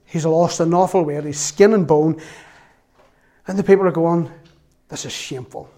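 A man preaching in a lively, conversational storytelling manner. His voice sits a little high, and he breaks into humorous asides and little laughs. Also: moderate pace. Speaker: lay preacher. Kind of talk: storytelling sermon.

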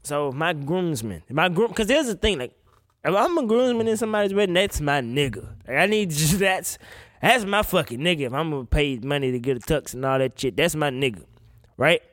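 A man's voice: fairly high pitch, expressive, fairly quick, fairly bright tone, dry recording. A man ranting casually on a podcast, incredulous and swearing often, a bit tipsy. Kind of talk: casual opinion rant.

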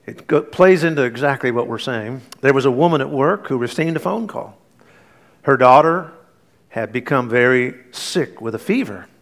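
A man's voice: medium pitch, fairly bright tone. Earnest middle-aged male pastor preaching. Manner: storytelling, earnest with light humor. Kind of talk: sermon.

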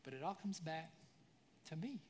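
A man in his forties preaching a sermon as pastor, conversational, often tagging "right?", shifting between lively storytelling and soft reflection. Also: fairly high pitch, normal speed, a little hiss or hum. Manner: conversational, frequent "right?" tag questions.

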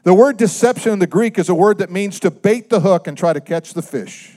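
A man delivering a sermon in a slightly higher-than-usual voice. He talks conversationally, often asking his listeners questions. His delivery swings between loud, emphatic lines and low, quiet asides. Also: brisk. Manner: conversational, asks the congregation questions. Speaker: pastor.

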